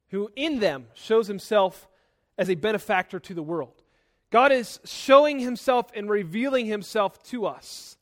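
Preaching a sermon in a voice that sits high, a young male pastor speaks emphatically, alternating loud and soft passages. He frequently repeats words at the start of his sentences.

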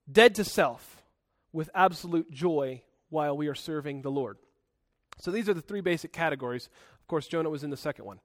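A man preaching a sermon in an emphatic, conversational way, with big swings in loudness. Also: high-pitched, no room sound, clean studio sound. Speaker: pastor.

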